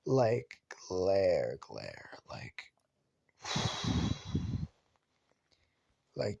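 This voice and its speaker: A man casually retelling an anime fan story, rambling and excitable, swearing and restarting often. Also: mid-range voice, takes it slowly, vocal fry, pauses often, dry recording, clean studio sound.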